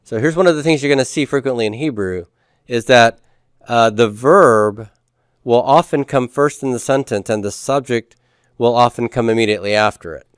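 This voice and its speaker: A man's voice: mid-range voice, moderate pace, clear, resonant tone, dry recording, clean studio sound. A man teaching a Hebrew grammar class, explaining patiently and quizzing the students with the odd light joke. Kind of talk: classroom lecture.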